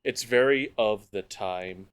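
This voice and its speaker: A man's voice: fairly low pitch, takes it slowly, clean tone. A man chatting casually on a podcast, rambling with frequent restarts. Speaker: podcast co-host.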